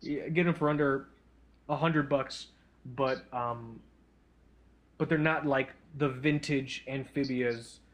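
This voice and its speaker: A man's voice: mid-range voice, fairly even intonation, takes it slowly. A man co-hosting a casual podcast chat, telling a rambling, profane, self-deprecating story. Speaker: podcast co-host.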